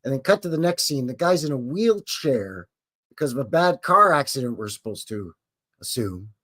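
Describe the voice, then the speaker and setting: A man's voice: mid-range voice, very animated, moderate pace, bright, forceful tone. A man hosting a casual livestream, rambling and joking as he acts out little voices. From Canada. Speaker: livestream host.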